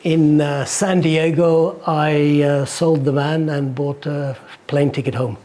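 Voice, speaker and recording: A man in his sixties from England, recalling his life in an interview, rambling and halting with restarts. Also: a little high, fairly even intonation, warm tone. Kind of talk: casual recollection.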